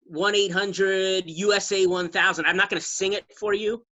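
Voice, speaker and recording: A man's voice: high voice, steady tone, moderate pace, sharp tone. A man, a radio morning-show producer, hosting a casual podcast chat with friendly interjections.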